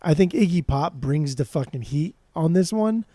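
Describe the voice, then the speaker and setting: A man's voice: fairly high pitch, animated, moderate pace, warm tone, no room sound. A young man co-hosting a podcast, chatting casually and enthusiastically about an album, with lots of swearing and slang. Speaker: podcast co-host. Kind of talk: casual music review chat.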